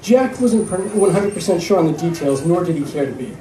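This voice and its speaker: A man reads his fiction aloud at a live event, telling the story in a steady way. His voice is fairly high and mellow, caught from a distance in an echoey room with faint ambience behind. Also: a little fast, faint music behind. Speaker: author reading his novel.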